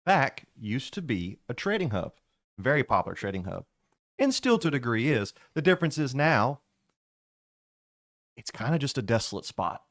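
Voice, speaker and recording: A man acting as game master, narrating a tabletop game in a lively, casual way. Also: mid-range voice, moderate pace, long pauses, no echo, studio quality.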